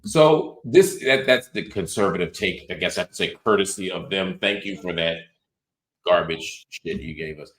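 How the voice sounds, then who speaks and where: Low-voiced guy doing sarcastic political commentary, animated and mocking. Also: normal speed. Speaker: host.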